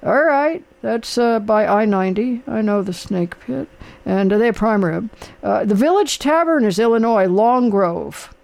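A man's voice: sits high, lively intonation, unhurried, creaky, a little mellow. An older man hosting a casual talk show, rambling and chatty with lots of fillers. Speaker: radio host. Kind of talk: casual chat.

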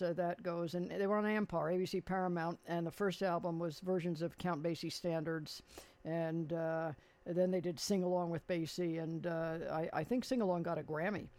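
A man's voice: sits high, a little mellow, no echo. A man hosting a radio show, chatting casually with a caller and rambling through details with many fillers. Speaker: radio host. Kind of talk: casual on-air chat with a caller.

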